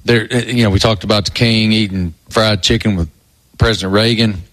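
A man's voice: lowish voice, steady tone, brisk, fairly bright tone. A man co-hosting sports talk radio in a studio, speaking in an easygoing, agreeable way.

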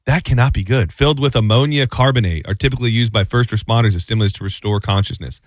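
A man's voice: on the low side, fast talker, no echo. A man co-hosting a casual sports talk show in a studio, rambling and repeating words as he tells stories. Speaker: podcast co-host.

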